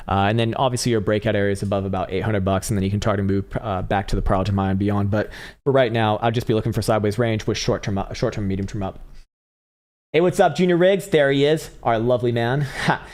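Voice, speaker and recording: Livestream host, young man, low voice, rapid-fire, blunt and profane chart talk. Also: a little mellow. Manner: blunt and profane, with frequent laughs. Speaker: crypto trading livestream host. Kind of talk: casual live chart analysis.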